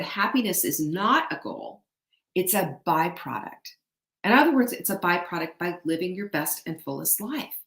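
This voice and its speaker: A woman's voice: on the low side, bright, forceful tone. A middle-aged woman hosting a motivational talk, chatty and often putting questions to her audience. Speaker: host. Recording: echoey room.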